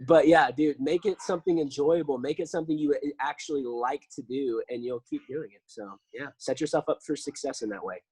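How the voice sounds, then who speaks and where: Husky, animated man telling stories. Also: fairly high pitch, a little fast, hardly any pauses, low-quality recording. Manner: animated storyteller, lots of fillers. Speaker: podcast guest. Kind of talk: casual podcast chat.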